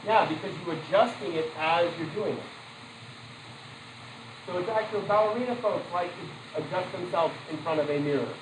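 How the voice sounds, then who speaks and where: With background noise behind him, a man whose voice sits high lectures on psychology at a moderate pace. The session is loose and conversational, and he asks students questions, adds casual asides and self-corrects.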